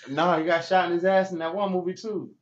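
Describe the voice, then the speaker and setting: A man in his twenties hosting a podcast, talking in animated slang and laughing often. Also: high voice, quick pace. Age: 20s. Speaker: podcast host. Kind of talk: casual chat. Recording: dull lo-fi podcast audio.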